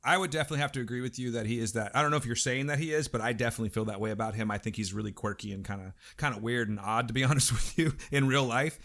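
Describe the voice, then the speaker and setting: A hoarse American man who co-hosts a podcast, losing his voice but still talking fast. His pitch sits in a middle range. He keeps a casual, talkative flow and apologizes between points. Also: a bit bright. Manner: quick, talkative, apologetic asides. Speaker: podcast co-host. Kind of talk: casual chat.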